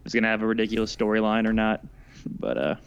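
A man co-hosting a gaming podcast, talking casually and chattily with halting restarts. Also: lowish voice, gravelly, smooth, dull audio. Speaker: podcast co-host. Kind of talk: casual chat.

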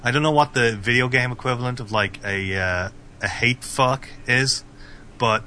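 A man guesting on a casual podcast, talking in a deadpan monotone. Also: mid-range voice, moderate pace, slight background noise.

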